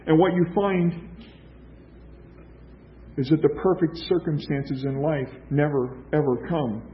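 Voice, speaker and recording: A man's voice: on the high side, steady tone, unhurried, a little hiss or hum. A man preaching a sermon as a pastor, emphatic, with rhetorical questions and repeated phrases. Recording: dull lo-fi recording.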